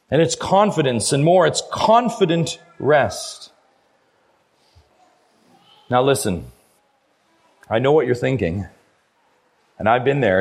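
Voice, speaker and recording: A middle-aged man preaching a sermon as pastor, emphatic, his voice swinging between quiet low passages and loud high ones. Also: husky. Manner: emphatic preaching, rises and falls in pitch and loudness.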